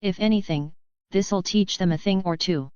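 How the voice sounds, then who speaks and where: A woman voicing a rough, growling Canadian man in a storybook reading, with a dry, slightly dull recording. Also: on the low side, moderate pace, a little mellow, dry recording, natural voice. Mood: gruff. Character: rough gruff grinning adult male mutant, Canadian.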